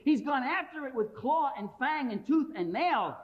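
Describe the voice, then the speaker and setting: On a dull, lo-fi 1980s lecture tape, a middle-aged man gives a public lecture in a combative, emphatic and sarcastic style. His voice is very high and expressive, at a normal speed.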